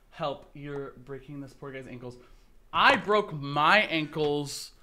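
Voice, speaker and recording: A man streaming a game into a desk mic, his voice leaping all over the place as he flips from quiet muttering to shrieks. He talks slowly and chats with his viewers, thanking them for their support. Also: a little high. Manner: excitable, swings between muttering and shrieking. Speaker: livestreamer. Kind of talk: casual gameplay livestream chat.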